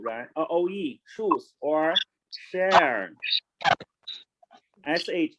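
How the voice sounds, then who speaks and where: Teaching children over the internet, this man's somewhat high, expressive voice comes through a lot of noise. He goes slowly, says words more than once, spells them, and alternates English with Chinese.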